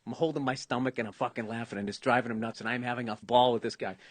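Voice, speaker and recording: A middle-aged man telling a comedic story in a casual podcast chat, animated and acting out other people's lines. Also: mid-range voice, quick pace, no room sound.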